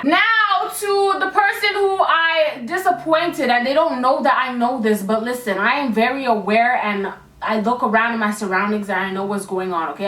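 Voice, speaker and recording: A young woman telling a storytime to her viewers in a casual, animated way, acting out the people in it. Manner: animated, acts out voices with big pitch jumps. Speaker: beauty vlogger. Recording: echoey room, a bit far from mic.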